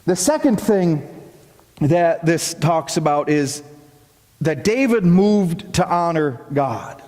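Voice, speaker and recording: This pastor's sermon is slow but animated and dramatic, as he voices the doubts and answers of those he quotes from the pulpit. He has a high voice for a man. The audio carries a long, church-hall reverb.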